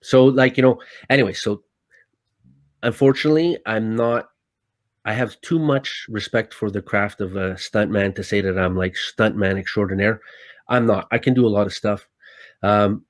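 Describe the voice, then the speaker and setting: A man who works as a stuntman, a guest telling stories in casual, animated talk, swearing often and acting out his own lines. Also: fairly low pitch, moderate pace, no room sound. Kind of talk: casual storytelling.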